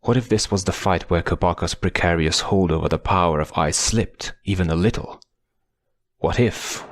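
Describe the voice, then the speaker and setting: Casting: male audiobook narrator, deep and gravelly, measured dramatic pacing. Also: dry recording. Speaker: audiobook reader.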